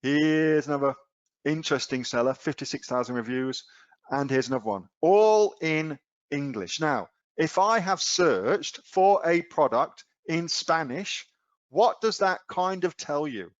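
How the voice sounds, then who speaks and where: A man's voice: fairly high pitch, expressive, unhurried, dry recording, dull audio. A man with an Australian accent coaching viewers in a live screen-share webinar, casual and blunt, often throwing rhetorical questions at his audience. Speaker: online selling coach.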